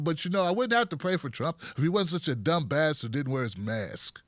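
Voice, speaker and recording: A man hosting a comedic political commentary show, talking in an animated, sarcastic and profane way. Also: a little high, a little fast, no echo, studio quality. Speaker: host.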